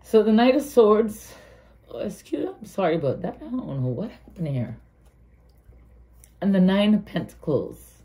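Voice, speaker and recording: A woman's voice: medium pitch, very animated, moderate pace, warm tone. A woman with a Guyanese accent giving an earnest, heartfelt tarot card reading, thinking aloud and restarting her sentences. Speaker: tarot reader.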